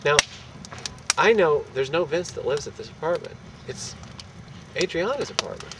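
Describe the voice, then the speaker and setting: A man telling a casual anecdote in an animated, profane way, acting out what people said. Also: on the high side, normal speed. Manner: animated, profane, acts out quotes. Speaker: storyteller. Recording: distant mic, loud street and traffic noise.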